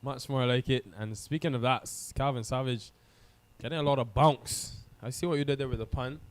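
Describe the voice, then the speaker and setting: A man's voice: medium pitch, steady tone, a little fast, a little hiss or hum. A man commentating live on a cricket match, chatty and teasing his co-commentator.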